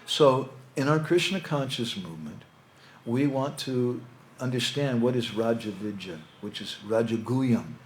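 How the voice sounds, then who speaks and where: A monk lecturer gives a conversational spiritual talk to young people, telling stories with casual asides. His voice is medium-pitched and expressive, at a measured pace, with a little hiss or hum. The recording sounds like an echoey hall with faint ambience.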